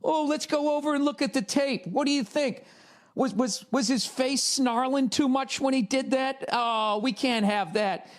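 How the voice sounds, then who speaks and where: A man's voice: extremely high pitch, normal speed, pitched above the performer's own voice. A man mocking fussy, overcautious male referees with whiny, fretting questions.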